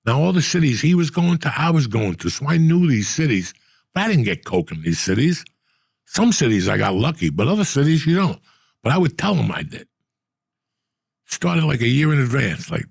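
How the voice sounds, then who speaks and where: A middle-aged man telling profane stories in a casual, animated way, acting out the people he quotes. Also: medium pitch, moderate pace, creaky, breathy edge, no echo, clean studio sound. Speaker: podcast host. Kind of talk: casual storytelling.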